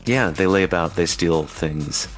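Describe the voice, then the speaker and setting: A man co-hosting a podcast, chatting casually about music and getting excitable, his voice jumping up high when he gushes. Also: unhurried. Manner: excitable, gushing, rising to high pitch when enthused. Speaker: podcast co-host.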